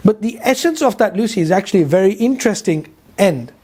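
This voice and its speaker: A man's voice: high voice, lively intonation, fast, mellow, husky. A middle-aged man with a London accent, teaching a Quran lesson to a class in a conversational way, putting questions to the audience and telling stories along the way. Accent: London English. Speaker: Islamic teacher.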